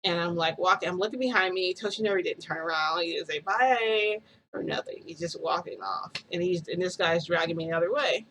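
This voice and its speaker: A woman's voice: lowish voice, fairly quick, fairly bright tone, poor audio. Woman vlogger, casual storytelling, rambling with lots of fillers, faint background noise. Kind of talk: casual first-person storytelling.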